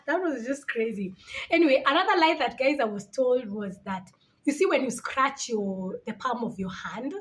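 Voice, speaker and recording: Animated young woman vlogger, high voice. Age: 20s. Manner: animated, laughing, exclaiming in disbelief. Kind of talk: casual storytelling to camera.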